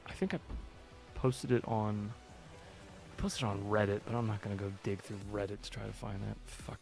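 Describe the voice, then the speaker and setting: A man's voice: fairly low pitch, fairly even intonation, normal speed, creaky, darkish tone, soft background music. A man hosting a livestream, chatting loosely and rambling while he flies a drone simulator, swearing often. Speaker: livestream host. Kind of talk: casual chat while flying a drone simulator.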